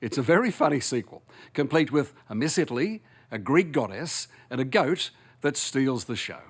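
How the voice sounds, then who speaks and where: Wry Australian TV reporter narrating. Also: male voice, mid-range voice, sing-song, moderate pace, slightly rough, no room sound. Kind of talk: scripted news narration. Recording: voice-over with music underneath.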